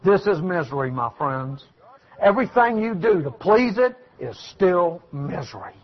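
Male preacher, very high husky voice, fiery folksy delivery, muffled lo-fi recording. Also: sing-song, unhurried. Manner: folksy, shouting at peaks then dropping low. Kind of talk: fiery sermon.

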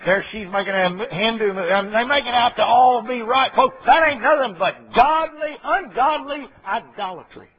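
A man's voice: very high-pitched, moderate pace, few pauses. A man preaching a folksy sermon, full of rambling asides and checks with his listeners. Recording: dull lo-fi recording.

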